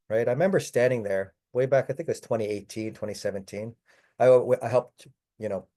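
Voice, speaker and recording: Man, mellow tone, lowish voice, conversational webinar presenter. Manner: conversational, addresses audience as folks. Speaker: palliative care presenter. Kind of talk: online webinar talk.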